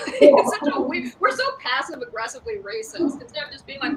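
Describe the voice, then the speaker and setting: A woman's voice: sits high, lively intonation, normal speed, crowd noise, poor audio. A young woman stand-up comedian doing a live-streamed set, talking in a sarcastic, rambling, conversational way.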